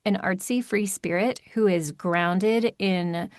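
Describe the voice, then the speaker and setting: A woman audiobook narrator talking in a podcast interview, animated and emphatic with quick asides. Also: mid-range voice, dry recording, clean studio sound.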